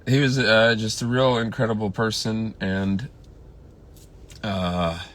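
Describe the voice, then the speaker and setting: A man's voice: lowish voice, flat delivery, takes it slowly, slight background noise. A man telling stories about a late colleague in a casual, rambling way, full of fillers and restarts and emotional at times. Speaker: filmmaker recalling a late colleague. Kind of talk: casual livestream storytelling.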